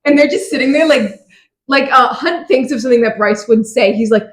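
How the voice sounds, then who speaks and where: A young woman co-hosting a casual book podcast, playful and laughing, tossing in quick quips. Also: on the high side. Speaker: podcast co-host. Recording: roomy echo.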